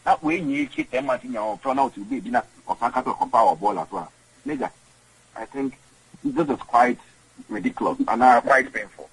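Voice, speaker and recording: A man, rambling in halting speech with many repeated words as an interview guest on radio. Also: medium pitch, huge pitch swings, vocal fry, a bit bright, husky, no echo, rough recording. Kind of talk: casual interview.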